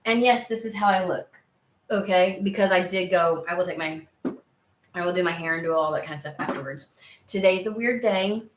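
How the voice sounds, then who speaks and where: A woman's voice: on the low side, a little fast, reverberant, slight background noise. A woman in her thirties chatting casually to camera as a tarot channel host, rambling with lots of fillers and restarts.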